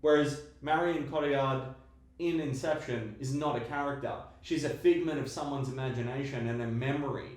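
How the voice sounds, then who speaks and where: Guy breaking down a movie calmly and analytically, big echo on the mic. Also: medium pitch. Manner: analytical, measured arguing. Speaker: podcast co-host. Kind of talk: casual film discussion. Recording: very echoey room.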